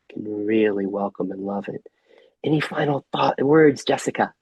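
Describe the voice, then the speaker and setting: Husky man guiding a reflective group. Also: fairly low pitch, moderate pace, no echo, highs cut off. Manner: gentle, inviting questions. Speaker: group facilitator. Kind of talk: guided reflective facilitation. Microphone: video call.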